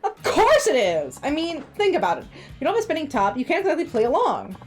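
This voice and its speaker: A woman's voice: high-pitched, wildly swooping pitch, fast talker, soft background music. A woman doing a whiny little boy. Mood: insistent. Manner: whiny, pleading. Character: whiny young boy sulking over toys.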